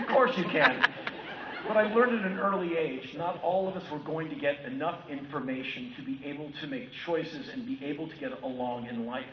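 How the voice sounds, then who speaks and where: A man in his fifties from the United States giving a keynote talk, telling personal stories in an animated way and acting out other people's voices. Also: a little high, brisk, a little hiss or hum. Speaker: keynote speaker. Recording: echoey hall from far off, dull lo-fi sound with faint ambience.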